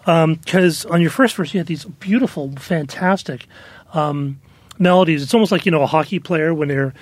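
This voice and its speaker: A man's voice: on the high side, moderate pace, dry recording. A man giving songwriting feedback in a studio chat, rambling with lots of fillers. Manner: rambling, full of "like, you know" fillers. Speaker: song critic on panel.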